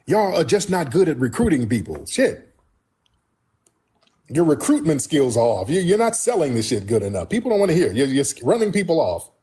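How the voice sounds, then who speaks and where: A man's voice: a little high, sing-song, normal speed, dark tone, slightly rough. A man streaming a ranting commentary, exasperated and mocking, with sighs.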